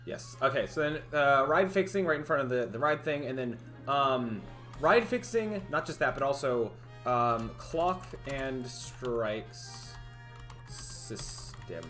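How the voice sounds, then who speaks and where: A man livestreaming as a game developer, rambling and thinking aloud in casual chat, often laughing at himself. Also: medium pitch.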